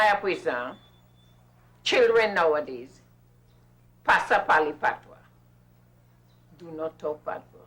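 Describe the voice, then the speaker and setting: An older woman with a Trinidadian accent, a carnival masquerader telling her own story in a lively, emphatic way. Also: mid-range voice, low-quality recording. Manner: lively, emphatic, with bursts of patois. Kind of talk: personal storytelling.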